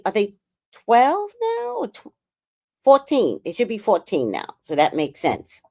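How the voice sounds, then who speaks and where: A middle-aged woman and grandmother hosting a casual livestream chat, talking bluntly with profanity and telling family stories. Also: on the high side. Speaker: livestream host.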